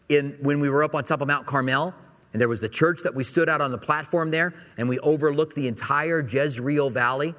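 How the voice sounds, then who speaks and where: A man's voice: medium pitch, fairly bright tone. A man preaching a sermon, teaching from the Bible in a conversational, folksy way to his congregation. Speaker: pastor. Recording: long hall reverb.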